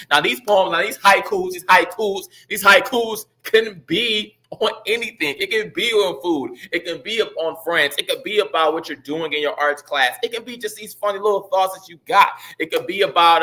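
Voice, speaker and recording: A man giving the morning announcements at a school assembly, energetic and repeating his points with call-and-response. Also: on the high side.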